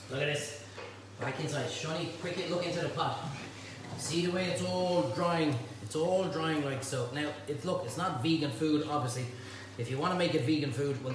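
Chatty cooking host in an echoey kitchen. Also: male voice, a little high, distant mic, background noise. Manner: chatty, jokey, talks to helpers while cooking. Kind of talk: casual cooking demonstration. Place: home kitchen.

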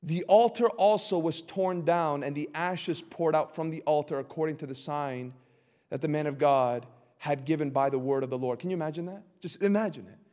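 Impassioned pastor in an echoing hall. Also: male voice, fairly high pitch, moderate pace. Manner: impassioned, rising to loud emphatic cries. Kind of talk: Bible study sermon. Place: church sanctuary. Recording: long hall reverb.

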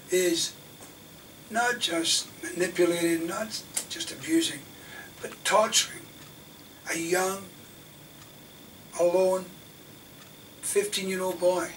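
An older man from Scotland gives an impassioned lecture as a defence lawyer. He talks rhetorically, rising to loud emphasis and dropping to near-whispers. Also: sits high, fairly even intonation, takes it slowly, long pauses. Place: university lecture hall. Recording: distant mic in a lecture hall, faint room noise.

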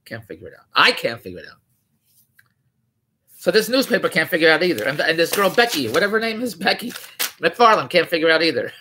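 A man's voice: fairly high pitch, sing-song, fast, sharp tone, a little hiss or hum. A man riffing in a rambling, mocking way on a news article, often correcting himself. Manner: rambling, digressive, self-correcting; incredulous, mocking. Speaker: vlogger.

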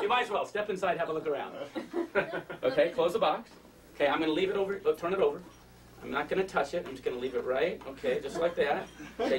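A man doing comic magic patter on stage, joking and chatting with the audience in self-mocking asides. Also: a little high. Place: stage before a live audience. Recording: distant mic, loud crowd and noise. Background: loud audience noise.

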